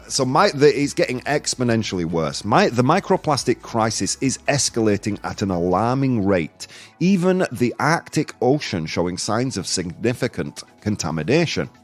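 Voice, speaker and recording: A man hosting a casual live-streamed news podcast, joking, rambling and laughing at his own jokes. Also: on the low side. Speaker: podcast host.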